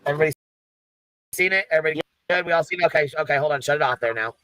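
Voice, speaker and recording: A man's voice: a little high, very fast, sharp tone, a little hiss or hum. A man doing profane reaction commentary over a clip, mocking and swearing with laughing asides.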